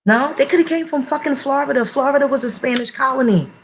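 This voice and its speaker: Gravelly, profane woman. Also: high-pitched, quick pace, a little hiss or hum, poor audio. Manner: blunt, profane and emphatic, with restarts. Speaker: online commentator. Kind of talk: profane casual monologue.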